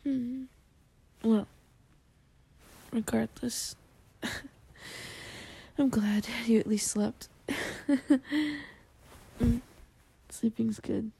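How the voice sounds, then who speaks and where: A woman in a whispered role-play, talking gently and soothingly to the listener as a comforting companion with a gruff morning voice. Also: fairly high pitch, steady tone, drawn-out words, pauses often.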